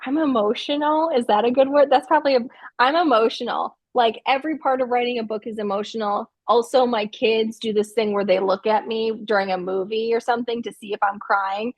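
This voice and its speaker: A woman's voice: on the high side, a little fast, dry recording. A woman in her thirties, a guest author in a casual interview over a video call, telling self-deprecating stories with frequent laughter. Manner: giggly, self-deprecating, animated storytelling.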